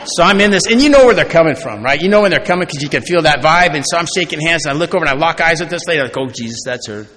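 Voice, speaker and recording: A recovery meeting speaker from Oregon, USA, talks very fast at a fairly high pitch, his tone bright and forceful. At a convention, he recounts his personal recovery by acting out conversations, often checking in with "right?" to the crowd. The large hall gives long reverb with faint background noise.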